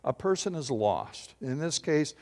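A man preaching a sermon as pastor, animated and joking with his congregation. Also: fairly high pitch, measured pace. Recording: long hall reverb.

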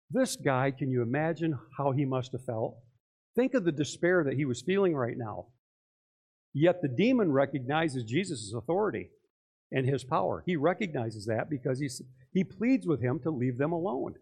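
A man's voice: a little high, expressive, moderate pace, a little mellow. Conversational pastor questioning his congregation. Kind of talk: sermon. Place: church.

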